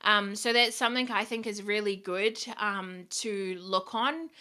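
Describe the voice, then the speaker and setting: Bright-voiced woman, blunt and swearing. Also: medium pitch, a little slow, clean tone. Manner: blunt, frequent swearing, upbeat and direct. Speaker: podcast host. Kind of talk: casual motivational podcast talk.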